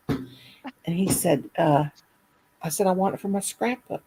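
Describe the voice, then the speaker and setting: A middle-aged woman telling a funny story in a casual chat, animated and laughing as she goes. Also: medium pitch, measured pace, long pauses, slightly rough, low-quality recording. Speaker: caller.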